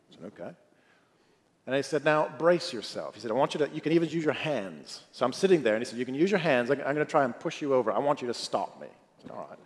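A man preaching a sermon through a personal story, animated, moving between loud bursts and hushed, quiet lines. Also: medium pitch. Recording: long hall reverb.

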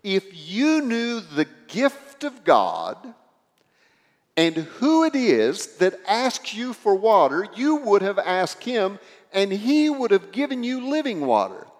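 A man voicing an earnest male teacher who speaks slowly and with emphasis. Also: high voice, huge pitch swings, pitched above the performer's own voice, full character voice. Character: calm, earnest male teacher offering water. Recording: echoey hall with long reverb.

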